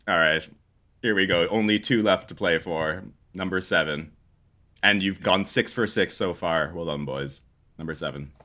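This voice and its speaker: A man's voice: low-pitched, moderate pace, sharp tone. A man co-hosting a casual podcast, running a quiz in a jokey, laughing manner.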